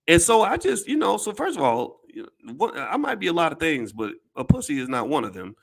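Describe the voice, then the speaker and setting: A man's voice: on the high side, wildly swooping pitch, a little fast, gravelly, hardly any pauses, a bit bright. A man giving casual commentary to his audience, blunt and emphatic, with some swearing, often repeating words and restarting his sentences.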